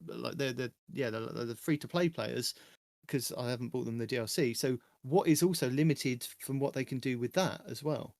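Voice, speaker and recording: Male podcast host, mid-pitched, chatty, reading update notes; dry close mic. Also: moderate pace, creaky, a little mellow, dry recording. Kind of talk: casual gaming podcast chat.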